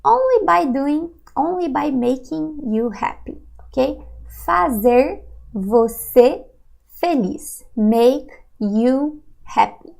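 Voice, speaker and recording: A woman gives an online language lesson, speaking slowly and patiently and checking understanding often. Her voice sits a little high and carries a strong, gravelly fry. The tone stays calm and instructive. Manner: patient, explains slowly with many checks of "okay?". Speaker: language teacher.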